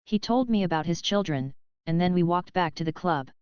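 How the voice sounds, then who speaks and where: A woman reading the part of a gentle, vague elderly Englishwoman in an audiobook. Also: on the low side, expressive, brisk, clean tone, dry recording, highs cut off, close to an everyday voice. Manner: mild, musing.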